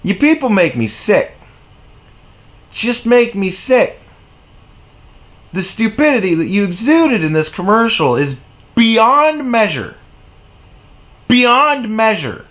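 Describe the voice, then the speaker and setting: A man delivering an angry political rant as a commentary vlogger, sarcastic and mocking, full of profanity, jumping from exasperated highs to low mutters. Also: very animated, a little slow, long pauses.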